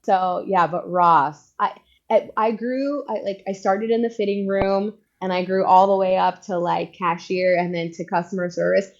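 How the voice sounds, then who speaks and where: A woman's voice: medium pitch, fairly even intonation, normal speed, slight background noise. A woman from Puerto Rico, a guest on an interview show, speaking earnestly and with conviction in casual chat. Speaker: guest, credit union foundation leader. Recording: dull lo-fi sound.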